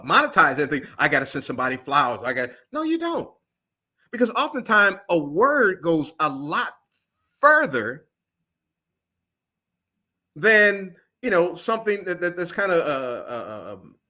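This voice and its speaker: A man's voice: high-pitched, sharp tone. A middle-aged man, a jazz musician, giving earnest, motivational interview answers and often asking "right?". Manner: motivational, earnest, sprinkles "right?" and "you know".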